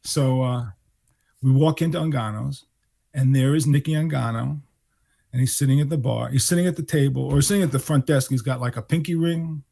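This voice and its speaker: Gravelly older man telling stories. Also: mid-range voice, a little fast. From New York. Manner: animated storyteller acting out quotes. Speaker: guest musician. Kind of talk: storytelling interview.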